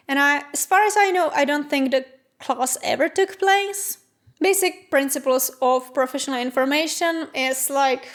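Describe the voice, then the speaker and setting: A young woman in her twenties hosting a casual vlog, chatty and self-deprecating, livening up as she tells stories. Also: sits high. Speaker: channel host and student.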